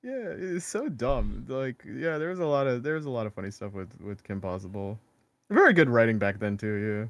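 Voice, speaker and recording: A man's voice: mid-range voice, sing-song, a little fast, dry recording. A young man chatting casually as co-host, rambling with lots of fillers and restarts. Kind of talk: casual chat.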